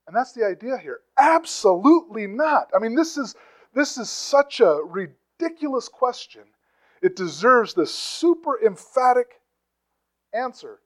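A man's voice: high-pitched, very animated, moderate pace, poor audio. A man preaching a conversational teaching sermon, with asides, rhetorical questions and emphatic bursts on key phrases. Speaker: pastor.

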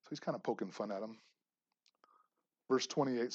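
A man preaching a sermon, animated and expressive, moving between loud emphasis and quiet asides, joking with the congregation. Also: medium pitch, moderate pace, long pauses, slightly rough, lo-fi sound. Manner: jokes and laughs with the congregation. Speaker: pastor.

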